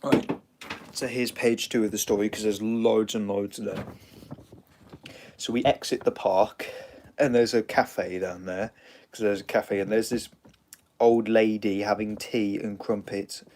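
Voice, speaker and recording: A man's voice: on the low side, fairly even intonation, unhurried, pauses often, a little mellow. A man with an English accent casually retelling a story in a loose, rambling way, full of fillers and restarts.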